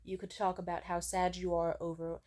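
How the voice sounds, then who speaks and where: A young woman talks straight to camera in a loose, rambling storytelling style. Her voice sits a little low for a woman, and she scatters "like" and casual swearing through every sentence as she recounts her dating stories. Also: level tone, normal speed, a little mellow. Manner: chatty, swears freely, mimics people in quotes; many filler "like"s and restarts. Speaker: vlogger.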